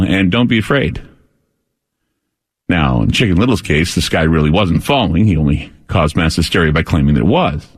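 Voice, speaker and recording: A man with a lowish voice hosts a late-night call-in radio show from a studio mic. He talks in a loose, wandering monologue, full of "uh"s and restarted sentences. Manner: rambling and conversational, many fillers and restarts. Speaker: radio talk show host. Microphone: studio microphone.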